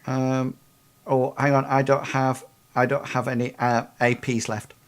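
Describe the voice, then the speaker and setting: A man acts as game master in a tabletop game played online. He talks hesitantly, full of ums and restarts, at an ordinary middle pitch. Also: little pitch movement, unhurried.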